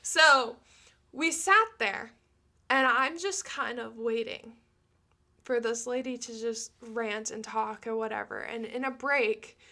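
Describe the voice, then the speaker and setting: A young woman with a high, bright voice chats through a storytime tale. She says "like" constantly and laughs easily as she talks. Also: slow pace. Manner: chatty, peppered with "like", laughs often. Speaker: storytime vlogger. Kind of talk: casual storytime.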